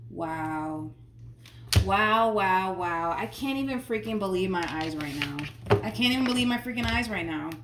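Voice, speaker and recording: A woman giving a casual tarot reading in an emphatic, slangy way, repeating her phrases for effect. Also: lowish voice. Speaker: tarot reader. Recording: roomy sound from a distant mic, faint noise.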